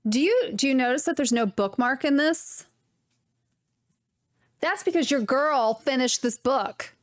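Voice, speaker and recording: Young woman rambling to camera about her hobbies, kinda high voice, dry close sound. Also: no room sound. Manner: rambling, animated, swearing mildly. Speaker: knitting podcast host. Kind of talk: casual chat to camera.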